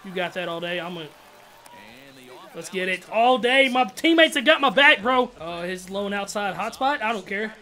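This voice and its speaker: Hyped gamer dude talking over his game, says bro a lot, trash talks, highish voice. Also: moderate pace. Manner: excitable, trash-talking, frequent outbursts; slangy, keeps saying bro and dog. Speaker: gaming YouTuber. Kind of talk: casual gameplay commentary.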